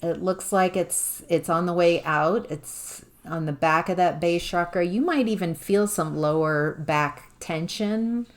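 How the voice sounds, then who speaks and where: A woman giving an intuitive tarot reading to the viewer, musing and halting, with sudden exclamations of surprise. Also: on the low side. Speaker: tarot reader.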